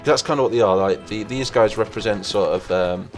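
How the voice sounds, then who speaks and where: A young man narrates a strategy game battle in a loose, chatty way, getting excited at every skirmish. He talks into a desktop mic over loud game music and crackling gunfire. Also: on the low side, a little fast. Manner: excitable, reacting aloud to the battle. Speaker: gaming channel host. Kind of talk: casual gameplay commentary.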